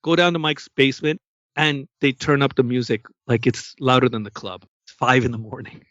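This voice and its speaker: A man from Canada co-hosting a podcast, telling a story casually and acting out the quotes with lively energy. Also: medium pitch, moderate pace, dry recording, lo-fi sound. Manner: animated storyteller who acts out quotes. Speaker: podcast co-host.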